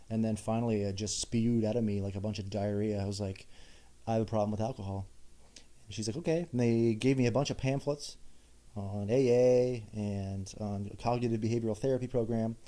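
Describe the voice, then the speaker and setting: A man's voice: lowish voice, warm tone. A young man in a personal monologue as podcast host, telling his own story with candid, self-mocking asides.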